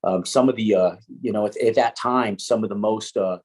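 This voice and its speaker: A man's voice: fairly low pitch, moderate pace. A middle-aged man, an interview guest, telling a story in casual chat. He swears freely and acts out other people's lines as he talks. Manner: swears casually, animated with quoted dialogue.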